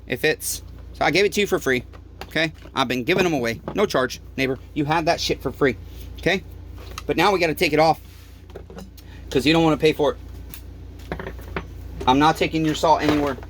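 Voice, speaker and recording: Speaking a little fast in a fairly high voice and pausing often, this man runs a small-engine repair shop and is delivering a heated, profane rant to the camera. He pleads and repeats himself, and there's slight background noise.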